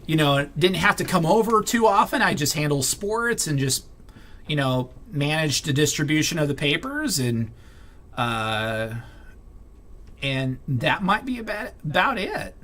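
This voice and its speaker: Bright-voiced man venting in a rambling vlog. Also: fairly high pitch, sing-song, measured pace. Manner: rambling, many fillers and restarts; irritated, blunt, swears. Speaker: vlogger. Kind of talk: casual venting to camera.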